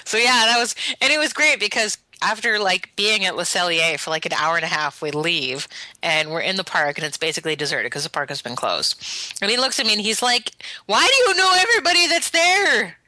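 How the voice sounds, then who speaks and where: A woman's voice: fairly low pitch, animated, fairly quick, bright, forceful tone, no echo, poor audio. A Canadian woman co-hosting a podcast, telling stories in casual chat with lots of fillers. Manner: chatty, storytelling with fillers. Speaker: podcast co-host.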